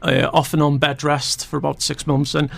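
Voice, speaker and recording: A man with a Scouse accent answers as a radio guest in an earnest, reflective way. His voice is heavily gravelly and sits a little high for a man. The studio sound is close and dry. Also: level tone, normal speed, a bit bright, dry recording. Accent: Scouse (Liverpool). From Liverpool, England. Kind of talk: radio interview.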